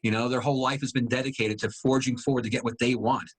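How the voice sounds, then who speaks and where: A man, a guest comedian, chatting on a video call, animated and swearing freely. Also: medium pitch, quick pace, slightly rough, poor audio. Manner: animated storyteller, swears, frequent "you know". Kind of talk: casual chat on a video call.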